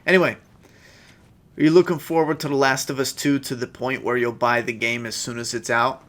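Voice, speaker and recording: A man's voice: mid-range voice, steady tone, brisk, fairly bright tone. A man with a stuffed-up nose giving chatty, profane, laid-back commentary while playing a game. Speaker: gameplay streamer. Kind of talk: casual gameplay commentary.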